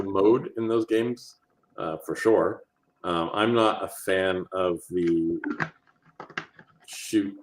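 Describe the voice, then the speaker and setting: A man answering fan questions on a casual livestream, rambling and relaxed with plenty of fillers. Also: deep voice.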